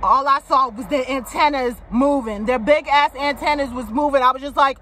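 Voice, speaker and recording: Young woman vlogger, high and bright, animated swearing storyteller, faint noise behind. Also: normal speed, hardly any pauses. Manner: animated, swears freely, shrieks when quoting her panic. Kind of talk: casual storytelling.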